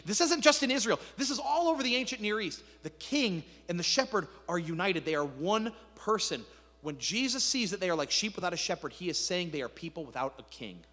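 A male preacher telling a scripture story with animated, casual energy. His voice is high and bright. The sound has a long hall reverb. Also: normal speed. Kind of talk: sermon.

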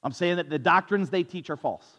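A man's voice: sits high, a little fast, a bit bright. A male pastor preaching a sermon in a conversational, storytelling manner with a sarcastic edge.

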